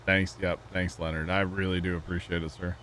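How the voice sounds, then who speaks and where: Male streamer, deep low register, rambling casual banter with chat. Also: level tone, brisk, a bit bright, a little hiss or hum. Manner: rambling, chatty, talks to chat, laughs often. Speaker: livestream host. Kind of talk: casual chat while gaming.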